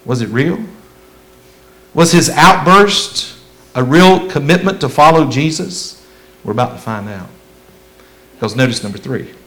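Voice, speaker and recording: A man preaching a sermon as a pastor, in a folksy, conversational way that swings between loud emphasis and hushed asides. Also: mid-range voice, animated, measured pace, long pauses, poor audio.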